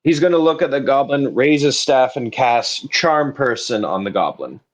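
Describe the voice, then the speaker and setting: A man playing in a tabletop game, describing his character's spell and arguing calmly and persuasively. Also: medium pitch, normal speed. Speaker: player. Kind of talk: casual tabletop game play.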